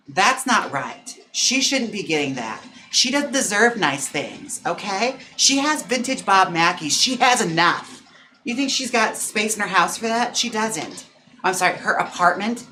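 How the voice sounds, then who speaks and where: A man's voice: high voice, expressive, measured pace, sharp tone, slight background noise. A man from Wisconsin who performs in drag, chatting on a casual home livestream, campy and dramatic with sudden gasps and sassy asides. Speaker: drag queen and wig stylist streaming live.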